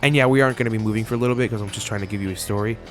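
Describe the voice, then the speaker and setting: A man's voice: on the low side, fairly even intonation, rapid-fire. A young man telling a rambling, swear-filled personal story while playing a video game. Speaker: gaming channel host. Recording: loud background music.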